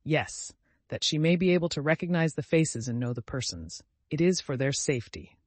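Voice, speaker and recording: A man's voice: a little high, normal speed, no room sound, lightly acted. A man voicing a reserved, stern male wine-shop keeper in his late forties, speaking in a curt, mechanical way.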